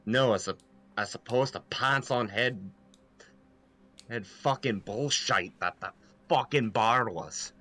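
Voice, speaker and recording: A man's voice: medium pitch, slow, pauses often, bright, forceful tone. A man playing in a tabletop game, grumbling and swearing in casual chat. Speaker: player.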